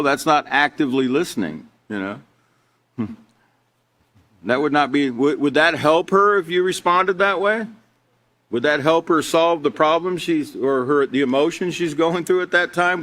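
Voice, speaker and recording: A middle-aged man with a fairly high, slightly bright voice teaches a character education class live online. He reads from his slides in a conversational way and poses rhetorical questions.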